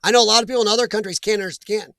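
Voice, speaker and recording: An American man with a high, light voice rambles through a casual live chat. He drifts between stories and greets viewers from the chat as he goes. The sound is dry and close, with no room around it. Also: fairly even intonation, rapid-fire, creaky, fairly bright tone, no echo. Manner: rambling, chatty, reads chat aloud. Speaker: live stream host.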